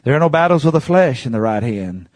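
A man preaching a sermon as pastor, swinging between hushed asides and shouts and calling on the congregation to repeat phrases. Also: mid-range voice, very animated, fast, dry recording.

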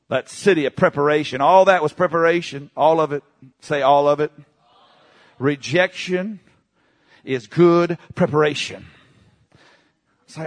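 A male pastor preaching a charismatic sermon, dropping to low murmurs and then shouting exclamations, and having the congregation repeat phrases after him. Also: lively intonation, measured pace, long pauses.

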